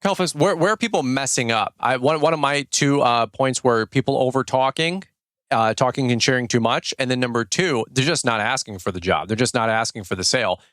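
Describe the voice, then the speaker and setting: A man hosting an interview, asking questions in a halting, eager way with many restarts. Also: mid-range voice, fairly bright tone, no room sound, clean studio sound. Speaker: podcast host.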